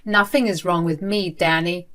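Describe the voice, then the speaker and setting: A woman voicing a cold, contemptuous older grandmother who runs a school, in a lowish voice. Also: steady tone, normal speed, a bit bright, close to an everyday voice. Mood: scornful. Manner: contemptuous and dismissive.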